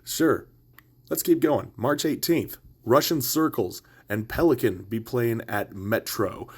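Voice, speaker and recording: A man's voice: medium pitch, a little mellow. Man, podcast host, casual gig roundup, swears freely, loose restarts. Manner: laid-back and profane, with loose restarts. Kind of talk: casual show-roundup chat.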